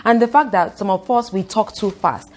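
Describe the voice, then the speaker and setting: A young Nigerian woman with a Nigerian accent, talking fast and expressively to camera in a casual vlog. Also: medium pitch. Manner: fast-talking, expressive, acts out quoted voices. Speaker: YouTuber.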